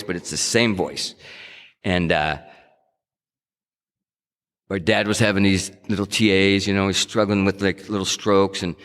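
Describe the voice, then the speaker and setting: A middle-aged man from New England shares his testimony at a sobriety meeting, his voice sitting very low. He talks in an earnest, conversational way and often circles back to restart a sentence. The sound carries a long reverb, as if he were speaking in a meeting hall. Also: fairly bright tone.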